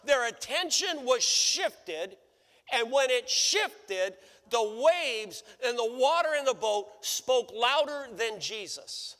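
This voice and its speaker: High-voiced, slow-preaching male pastor. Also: animated, sharp tone, big-room sound. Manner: preaching with repeated rhetorical questions. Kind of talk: sermon. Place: church sanctuary.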